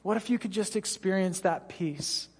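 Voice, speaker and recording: A man's voice: sits high, moderate pace, slightly rough. A man preaching a sermon as pastor, telling a personal story in a conversational way and putting direct questions to his listeners. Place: church sanctuary. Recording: long hall reverb.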